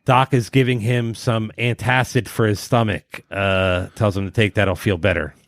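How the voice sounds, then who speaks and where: A male podcast co-host chats casually in a lowish voice with fairly even intonation at normal speed. He rambles and hesitates, restarting often. The recording is studio quality with no room sound.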